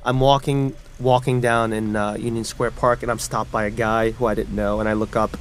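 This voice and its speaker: A man's voice: lowish voice, normal speed, hardly any pauses, a little hiss or hum. Man from telling his story. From New York City. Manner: animated, acts out voices in his story. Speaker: storyteller guest. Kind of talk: personal storytelling.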